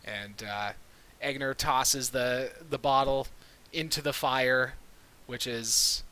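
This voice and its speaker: A man's voice: medium pitch, steady tone, takes it slowly, bright, forceful tone, rough recording. A man narrating his character at a tabletop game, offhand and joking. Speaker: player.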